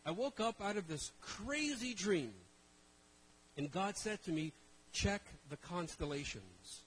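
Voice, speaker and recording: A man's voice: sits high, very animated, unhurried, a little hiss or hum, poor audio. A middle-aged man preaching a sermon to a live congregation in a conversational way, with self-deprecating jokes and rhetorical questions. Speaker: traveling minister.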